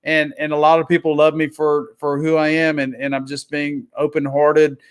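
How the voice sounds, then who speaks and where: A man with a Texas accent speaks as a guest in an easygoing way. His voice is smooth and a little high, and he often repeats a word as he starts a sentence. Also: monotone, moderate pace. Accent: Texan. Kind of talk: casual chat.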